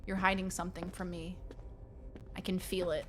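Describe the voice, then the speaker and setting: A woman streaming a game and chatting casually with her viewers, playful and quick to slip into silly voices. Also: lowish voice, flat delivery, a bit bright, a little hiss or hum. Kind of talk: casual live-stream chat.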